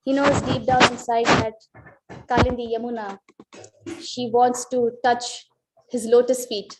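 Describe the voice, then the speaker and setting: A woman's voice: fairly high pitch, level tone, unhurried, heavy background noise. Woman telling a devotional story. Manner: storytelling with emotional quoted voices. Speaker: class speaker. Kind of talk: devotional scripture class. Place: temple.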